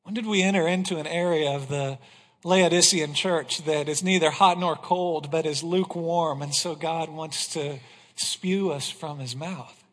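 A man's voice: on the high side, steady tone, measured pace, fairly bright tone. A man preaching an earnest sermon that rises to fervent passages. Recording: long hall reverb.

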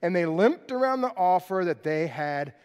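A man preaching a sermon in an auditorium, telling the story in an animated, joking way with sarcastic asides. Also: sits high, moderate pace, smooth. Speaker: pastor. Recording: long hall reverb.

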